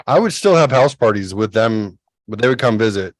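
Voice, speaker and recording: A man's voice: lowish voice, a little fast, no echo, rough recording. A man in his forties telling a party story in casual chat, acting out quotes in a raised voice. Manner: animated, acts out quotes in a raised voice. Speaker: podcast co-host.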